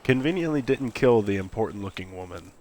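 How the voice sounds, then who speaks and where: A man's voice: on the low side, expressive, brisk, darkish tone. A man streaming a story game, chatting casually and reading characters' lines aloud. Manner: casual, voices characters as he reads.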